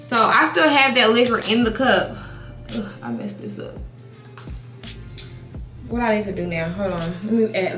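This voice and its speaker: A woman in her thirties telling a casual storytime while doing her makeup, animated, swearing, restarting her sentences. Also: mid-range voice, echoey room. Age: 30s. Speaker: beauty vlogger. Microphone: compact camera mic.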